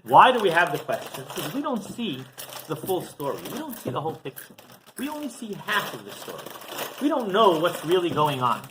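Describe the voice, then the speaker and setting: Man, rabbi, sermon storytelling, rhetorical questions, higher pitch, lively, faint noise behind. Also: a little fast.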